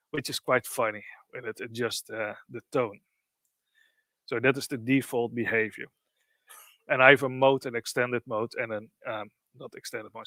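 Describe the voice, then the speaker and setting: A man presenting a live software demo, explaining in loose, casual phrasing with frequent fillers. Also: mid-range voice, dry recording.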